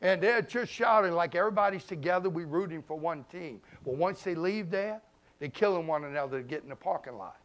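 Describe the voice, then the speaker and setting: High-voiced New preacher. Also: male voice, a little fast. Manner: impassioned preaching that swings between loud emphasis and hushed asides; conversational, informal grammar and repeated phrases. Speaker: pastor. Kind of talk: sermon.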